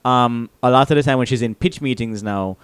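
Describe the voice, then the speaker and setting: A man's voice: medium pitch, brisk, clean tone, no room sound. A man co-hosting a podcast, casually discussing a film and acting out its scenes as he retells them. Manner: animated retelling with acted-out quotes. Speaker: podcast co-host.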